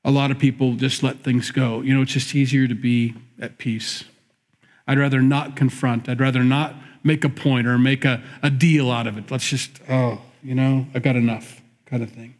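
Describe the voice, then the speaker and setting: A middle-aged man gives a conversational sermon from the pulpit. He reads a verse, then muses aloud on it with plenty of self-correction. His voice sits at an ordinary middle pitch. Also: flat delivery, normal speed. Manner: reflective, musing, reads scripture aloud then comments. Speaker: pastor.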